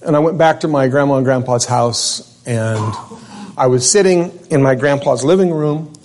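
A man preaching a sermon to a congregation in church, telling a personal story with feeling and slowing down to stretch out the key words. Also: mid-range voice, darkish tone. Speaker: pastor. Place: church service before a congregation.

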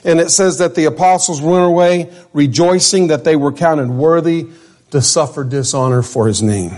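Older male preacher, slightly high voice, conversational sermon delivery that speaks to the pews. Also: a little mellow. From Central California. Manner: conversational preaching, addresses listeners by name.

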